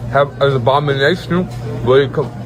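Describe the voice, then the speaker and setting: A man bantering loudly and jokingly in a casual vlog. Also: mid-range voice, moderate pace, music in the background, low-quality recording. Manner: loud, joking.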